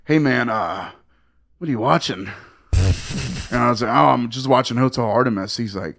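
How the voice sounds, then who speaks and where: Bright-voiced man telling profane comic stories. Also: mid-range voice, normal speed, vocal fry, pauses often. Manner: profane, animated, acts out quoted voices. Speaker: podcast guest, stand-up comedian. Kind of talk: casual comic storytelling.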